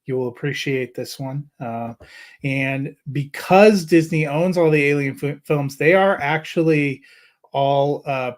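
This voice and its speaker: A man co-hosting a movie review podcast, talking in a relaxed, rambling way with many fillers as he wraps up the episode. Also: medium pitch. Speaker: podcast co-host. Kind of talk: casual movie review chat.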